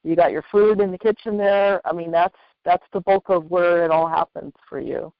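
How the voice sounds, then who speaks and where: An interview host talks in an easy, encouraging way and comes back to the same points more than once. The voice sits at a middle pitch. The sound is dull and lo-fi, dry with no room around it. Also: fairly even intonation, moderate pace, no room sound. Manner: encouraging, conversational, repeats points. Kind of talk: casual interview chat.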